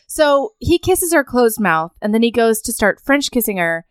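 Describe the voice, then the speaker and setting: A woman's voice: a little high, moderate pace, no room sound, clean studio sound. Woman animatedly retelling a story. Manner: animated retelling, acts out lines. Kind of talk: casual book recap chat.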